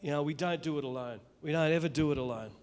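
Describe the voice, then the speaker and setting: A middle-aged Australian man giving an earnest, emotional spoken testimony in church, halting and restarting as he speaks. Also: fairly high pitch, a little mellow, soft background music.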